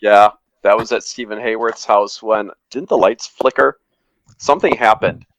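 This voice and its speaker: A man's voice: on the low side, moderate pace, a bit bright, low-quality recording. A man in a casual podcast group chat, remembering a friend in an easygoing, thoughtful way.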